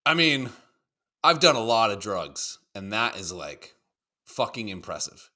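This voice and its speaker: A man co-hosting a podcast, chatting casually about videos in a profane, excitable, rambling way. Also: lowish voice, unhurried. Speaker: podcast co-host. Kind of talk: casual chat reacting to videos.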